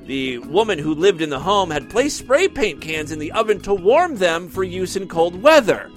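A man with a high, very animated voice reads quirky news items and breaks off into sarcastic asides. His delivery jumps around for comic effect, and faint music runs in the background. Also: normal speed. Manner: sarcastic asides, exaggerated reading. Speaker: comedy news host. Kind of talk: comedic news reading with commentary.

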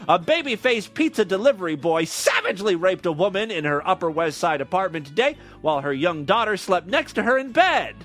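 A sarcastic male host with a high voice rips through news items on a comedy show. His pitch swoops up and down as he breaks off reading to crack crude jokes. Faint music plays behind him. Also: animated, brisk, hardly any pauses, a bit bright. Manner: sarcastic, crude, reads news aloud with blunt asides. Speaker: podcast host.

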